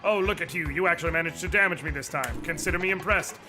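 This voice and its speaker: A cruel, boastful villain knight from a video game, put on by a male streamer. He gloats in a theatrical, slightly high voice. Music plays in the background. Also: quick pace, lightly acted. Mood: mocking. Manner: theatrical, gloating, swings to shouting rage. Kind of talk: dramatic reading of game dialogue. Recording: music behind the voice.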